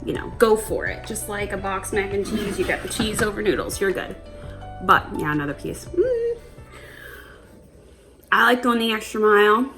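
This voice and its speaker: A woman vlogging a cook-along in her home kitchen, chatty and giggly, rambling with fillers as she talks to the camera. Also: medium pitch. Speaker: cooking vlogger. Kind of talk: casual cook-along chat. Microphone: camera on a tripod.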